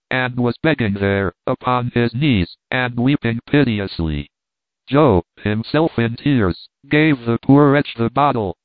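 Male audiobook narrator, measured and steady, on a tinny, dry recording. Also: medium pitch, dry recording.

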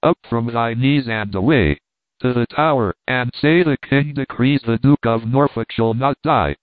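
A man's voice: mid-range voice, measured pace, no echo, natural voice. A man voicing an earnest boy who has just become king, speaking in an old-fashioned, commanding way. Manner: earnest, commanding, archaic speech. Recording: dry tinny phone-like sound.

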